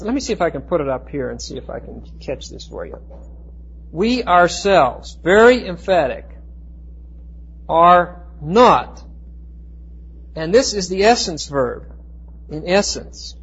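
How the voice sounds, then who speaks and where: Husky emphatic male Bible teacher. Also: high-pitched, big pitch swings. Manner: emphatic, slows to stress words, frequent restarts. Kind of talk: classroom Bible lecture. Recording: dull lo-fi recording.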